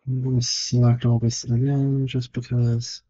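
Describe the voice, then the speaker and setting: A man's voice: mid-range voice, level tone, a little slow, warm tone, slightly rough, highs cut off. A man thinking aloud and judging his own work as he draws, in casual narration. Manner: muttered, self-critical thinking aloud. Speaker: digital artist. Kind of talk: casual narration while drawing.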